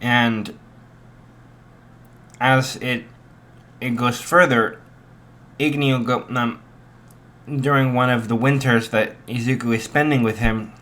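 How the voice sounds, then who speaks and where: A young man improvising a fan story, halting with many restarts and fillers. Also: mid-range voice, fairly even intonation, a bit bright.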